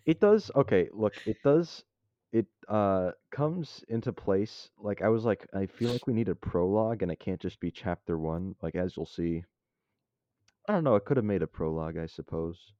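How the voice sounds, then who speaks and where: A young man co-hosting a casual chat, rambling and hesitant, with frequent restarts. His voice is very low and dark in tone. The recording is dry, dull and lo-fi. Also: lively intonation, moderate pace, no echo. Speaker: co-host and co-author.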